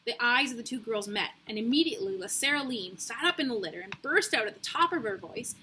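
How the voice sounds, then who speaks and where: A young adult woman reading a chapter book aloud in a relaxed, casual way, with slips and self-corrections. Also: on the high side, quick pace. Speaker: reader. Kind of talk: casual read-aloud for children.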